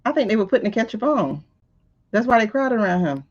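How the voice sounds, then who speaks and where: A woman at medium pitch speaks a little fast, the sound dull. She's a livestream host reacting to a news clip, her casual remarks animated and exasperated, broken up by laughter and retorts aimed at the screen.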